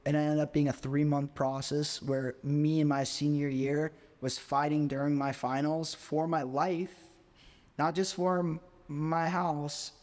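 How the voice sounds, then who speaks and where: A man's voice: on the high side, unhurried, long reverb tail. A man in his twenties, a podcast guest, telling a story in a casual way and filling his speech with "like". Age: 20s. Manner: constant "like" fillers, animated.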